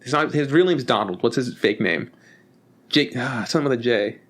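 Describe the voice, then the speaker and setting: A young man co-hosting a podcast in casual chat, rambling and swearing as he acts out scenes in quick put-on voices. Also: mid-range voice, lively intonation, a bit bright. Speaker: podcast co-host.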